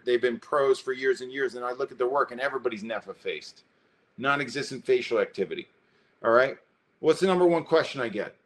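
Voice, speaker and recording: A man presenting an online photography workshop, animated and high-energy, talking straight to his viewers while alone at his computer. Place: indoors, alone in front of a computer. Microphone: webcam or computer mic, alone talking to a screen.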